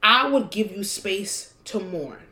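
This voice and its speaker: A woman's voice: mid-range voice, lively intonation, slow pace, pushed and bright, echoey room. A woman co-hosting a casual chat podcast, talking frankly and bluntly and swearing casually. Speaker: podcast co-host. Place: room with window open.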